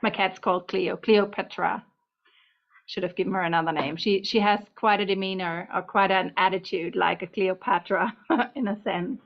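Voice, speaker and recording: A woman with a medium-pitched, steady voice and some vocal fry speaks at a moderate pace. She's doing a casual tarot reading to camera at home, rambling and chatty, a touch out of breath, and chatting to her cat between points. The recording sounds dull and lo-fi.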